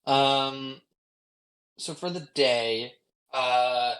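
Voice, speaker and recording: A man's voice: mid-range voice, extremely slow, a bit bright, low-quality recording. Man, game master, tabletop narration, casual, filler-heavy.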